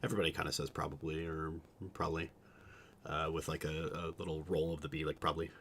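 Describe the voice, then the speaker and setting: Low-voiced, rambling young man with a subtle Utah accent. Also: level tone, fast talker, a little hiss or hum. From Utah, USA. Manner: rambling, hesitant, many fillers and restarts. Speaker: streamer. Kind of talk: casual chat to stream.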